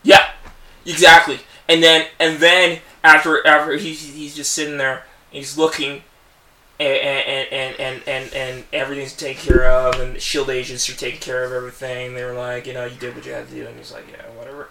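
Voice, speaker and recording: A man's voice: mid-range voice, monotone, normal speed, bright, forceful tone, reverberant, recorded from a distance, low-quality recording. A man co-hosting a casual podcast, retelling a movie idea in a rambling way with many restarts. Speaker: podcast co-host.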